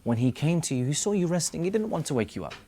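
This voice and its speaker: A man's voice: fairly high pitch, very animated, fast, mellow, slight background noise. A man giving an emotional religious sermon, retelling a mourning story with quoted dialogue and rising into chanted lament. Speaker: religious speaker. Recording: long hall reverb.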